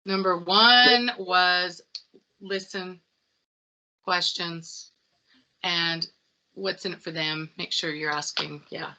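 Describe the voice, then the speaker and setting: A middle-aged woman sales expert in a casual interview, telling stories with animated acted-out dialogue. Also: lowish voice, slow, pauses often, poor audio. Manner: animated storytelling, acts out dialogue. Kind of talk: conversational interview.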